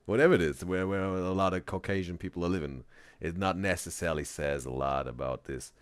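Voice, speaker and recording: A man's voice: sits low, a little fast, clear, resonant tone, no room sound, studio quality. A man streaming a reaction video, rambling in casual commentary and often tagging on "bro" and "right?".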